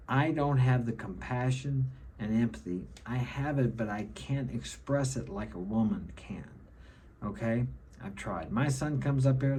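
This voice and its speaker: A man's voice: lowish voice, warm tone, breathy edge. A middle-aged man giving an opinionated monologue to camera, lecturing and often ending his points with a checking "okay?". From United States. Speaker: self-help vlogger.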